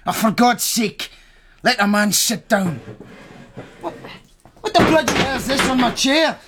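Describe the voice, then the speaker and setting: An actor playing a coarse, bullying soldier home on leave, speaking with a Scottish accent in a crude, domineering way. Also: male voice, extremely high pitch, animated, unhurried, heavy background noise. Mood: contemptuous.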